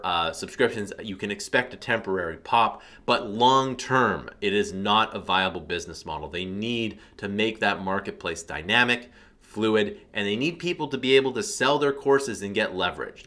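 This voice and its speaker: Bright-voiced man rambling about business. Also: fairly low pitch. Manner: rambling, filler-heavy, says "right?" often. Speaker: online course instructor. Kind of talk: casual commentary to camera.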